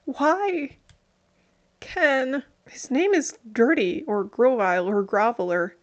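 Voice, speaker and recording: A woman's voice: high voice, slow pace, dull audio. Playful woman reading game text. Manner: playful, joking, reads garbled lines deadpan. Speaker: let's play host. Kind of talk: game commentary, reading translated text aloud.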